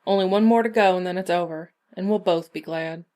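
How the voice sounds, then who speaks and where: A woman's voice: on the low side, a little fast, warm tone, lightly acted. A woman voicing an older rural witch, blunt, folksy and dryly grumbling, tired of endless fights. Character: weary, sharp-tongued old rural woman witch.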